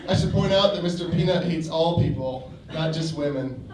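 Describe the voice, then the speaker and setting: A male standup comic delivers his routine dryly and deliberately in a slightly high voice. He is recorded from a distance on a comedy club stage, in an echoey room with a faint hum of ambience and a crowd in the background.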